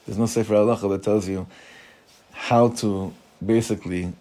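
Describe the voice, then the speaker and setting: A man's voice: fairly low pitch, steady tone, moderate pace, warm tone. A man, a rabbi giving an informal Torah class in a conversational way, mixing Hebrew terms into his English and putting questions to the room.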